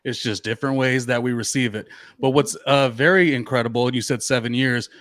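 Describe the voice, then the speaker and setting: A man's voice: medium pitch, a little fast, a bit bright, no room sound. Chatty male podcast host, dry sound. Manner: chatty, enthusiastic questioning with fillers. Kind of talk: casual interview.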